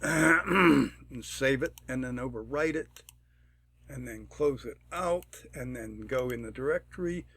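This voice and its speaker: A man talking through a programming tutorial step by step, unhurried and thinking aloud, often clearing his throat. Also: medium pitch, fairly bright tone. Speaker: tutorial presenter. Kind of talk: screen-recorded programming tutorial.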